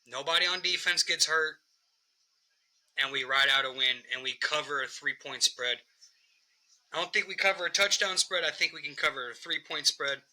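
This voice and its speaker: Bright, profane sports podcast host. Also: male voice, on the high side, moderate pace, rough recording. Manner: profane, animated football picks. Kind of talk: casual sports podcast banter.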